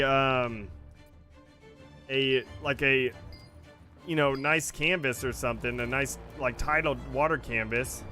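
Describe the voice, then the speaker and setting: A man streaming a game and talking casually to his viewers, wandering from thought to thought with plenty of fillers. His voice sits a little high with a bright, forceful edge. Faint game music plays underneath. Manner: rambling, filler-heavy, chatting to viewers. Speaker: gaming streamer and host. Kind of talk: casual livestream commentary while playing.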